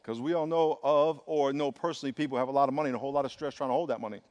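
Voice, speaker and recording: A middle-aged man preaching a lively, emphatic sermon in a church, calling on the congregation to answer back. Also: mid-range voice, very fast. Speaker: pastor. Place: church sanctuary. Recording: long reverb of a large hall.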